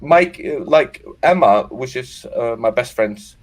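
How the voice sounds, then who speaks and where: A man's voice: mid-range voice, lively intonation, takes it slowly. Man, Scottish-tinged accent, swearing freely, rowdy storyteller, casual chat. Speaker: podcast guest.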